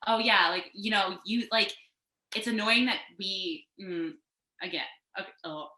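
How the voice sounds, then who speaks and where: A woman co-hosting a casual panel chat from her couch over a video call, animated and talkative, with lots of "like" fillers. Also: medium pitch, a little slow, reverberant. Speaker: co-founder and co-host of a design panel. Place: home, sitting on a couch.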